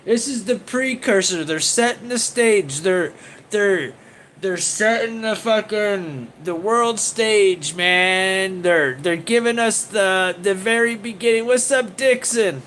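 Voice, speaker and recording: High-voiced, slow-talking livestream host. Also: male voice, a bit bright, a little hiss or hum. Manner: rambling, profane, laughs often while reading viewer comments. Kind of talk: casual livestream chat.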